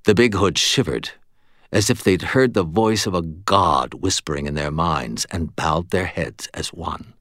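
Man, audiobook narrator, first-person storytelling, very low voice, dry close sound. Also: measured pace, fairly bright tone, no room sound.

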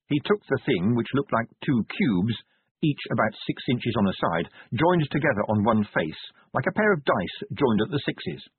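A man narrating an audiobook in a measured, wry manner. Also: mid-range voice, big pitch swings, breathy edge, no room sound. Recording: tinny phone-like band, dry.

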